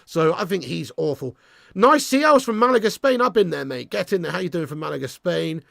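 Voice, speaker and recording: High, gravelly football fan host. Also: male voice, lively intonation, brisk, no room sound, studio quality. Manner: sweary, ranting, banters with the chat; shouts at chances on goal. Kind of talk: live match watch-along commentary.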